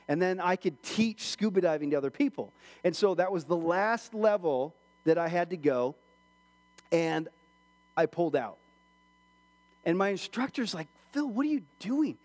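A middle-aged man preaching a sermon as pastor in church, animated, acting out the voices he quotes. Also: on the high side, long reverb tail.

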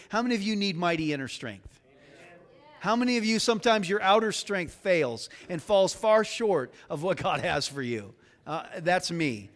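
A man's voice: high voice, big pitch swings, normal speed. A male pastor preaching a casual, conversational sermon in a church, chatty and joking, with lots of fillers and restarts. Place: church sanctuary. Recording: long church reverb.

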